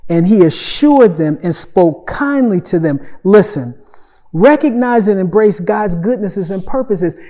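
A man delivers a sermon at an unhurried, deliberate pace. His tone is dark and mellow, and he moves between forceful, emphatic lines and soft near-whispers. He often repeats phrases and calls on his listeners to listen. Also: high voice, animated. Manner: swings from loud emphatic preaching to soft near-whispered asides. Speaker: pastor.

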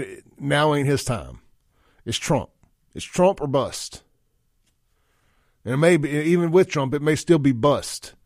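A man's voice: medium pitch, darkish tone, no room sound, studio quality. Blunt talk radio host, man. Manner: blunt, folksy, reads listener texts aloud. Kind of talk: opinionated talk radio monologue. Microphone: studio microphone.

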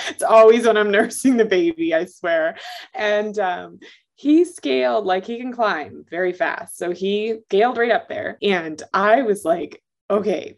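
A young mother chatting on a podcast about parenting. Her voice sits a little on the low side. She tells stories with energy, acting out what people said and laughing as she goes. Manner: animated storyteller, acts out quotes, laughs. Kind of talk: casual storytelling chat.

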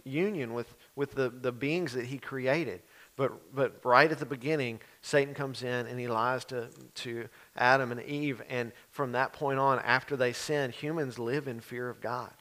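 A man's voice: medium pitch, a bit bright. A man preaching a sermon, talking casually and acting out the voices of the figures in the story. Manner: conversational preaching, acts out voices of biblical figures. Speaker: pastor.

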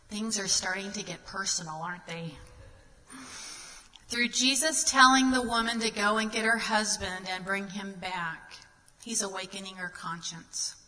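A woman delivers a sermon in a bright, forward voice. She reads scripture aloud and turns to the listeners with earnest questions. Her words ring out with a long reverb, as if she is in a large hall. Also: medium pitch, measured pace, a little hiss or hum. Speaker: guest speaker.

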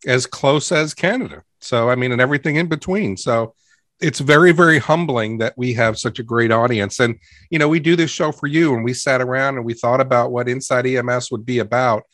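A man's voice: medium pitch, a little fast, a bit bright, no echo, studio quality. A man co-hosting a podcast about emergency medical work, upbeat and emphatic, often repeating phrases for effect. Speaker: podcast co-host. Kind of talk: casual podcast talk.

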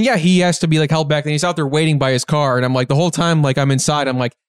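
A man's voice: on the high side, smooth, no room sound, clean studio sound. Rambling man telling a story on a podcast. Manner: rambling, filler-heavy, animated retelling. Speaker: podcast guest. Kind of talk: casual storytelling.

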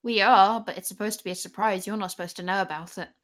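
A woman's voice: mid-range voice, fairly even intonation, quick pace, a bit bright. A woman playing a tabletop game, playful and giggly, talking in casual bursts. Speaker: player.

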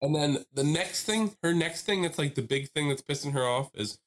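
A man's voice: fairly high pitch, normal speed. A man co-hosting a casual podcast, telling a long story with lots of laughter and acted-out voices. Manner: animated storyteller, acts out voices, laughs often. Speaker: podcast co-host.

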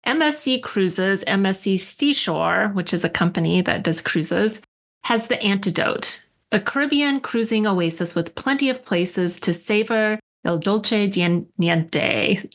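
A woman's voice: mid-range voice, creaky. A woman co-hosting a podcast, chatting casually and enthusiastically, laughing as she talks. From United States. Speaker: podcast co-host.

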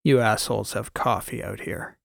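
A hardened, sardonic male special-ops commander, put on by a man reading an audiobook. He barks blunt orders and mocks the people around him in a gravelly voice. The sound is close and dry. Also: fairly low pitch, fairly even intonation, moderate pace, no room sound. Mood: mocking. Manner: blunt, mocking, barking orders. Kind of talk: audiobook character voice.

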